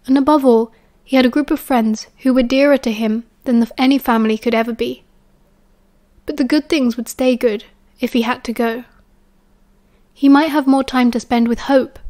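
A British woman narrating a story as an audiobook in a steady, even storytelling manner. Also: a little high. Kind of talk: fan audiobook reading.

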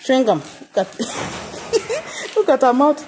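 A woman's voice: high voice, big pitch swings, slow pace, a little mellow, a little hiss or hum. A woman farmer with a Nigerian accent, chatting playfully and coaxing her animals in a casual vlog.

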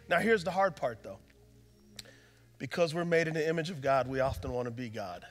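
High-voiced preacher in a reverberant hall. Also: male voice, animated, a little fast, soft background music. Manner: preaching with big swings from hushed to shouting. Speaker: pastor. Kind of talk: sermon.

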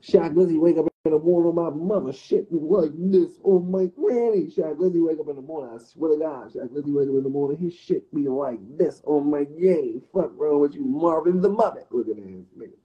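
Dc guy going off on a livestream, cussing and clowning, kinda high voice, muffled lo-fi sound. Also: a little fast, few pauses. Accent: Washington DC area. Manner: profane, mocking, rowdy. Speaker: livestream host. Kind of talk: casual roasting rant.

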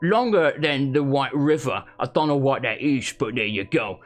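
A man reading an in-game book aloud in a put-on Essex accent, voicing a dim-witted, boastful male Nord author who lectures slowly and rambles. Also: medium pitch, natural voice. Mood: lecturing.

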